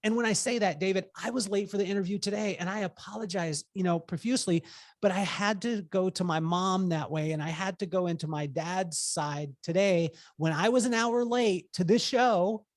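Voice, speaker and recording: A man's voice: high voice, moderate pace, no echo, studio quality. A man in his forties from Southern California, a podcast guest who tells stories with energy, laughs often, swears casually and acts out quotes. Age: 40s. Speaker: podcast guest, business coach. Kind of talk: animated storytelling conversation.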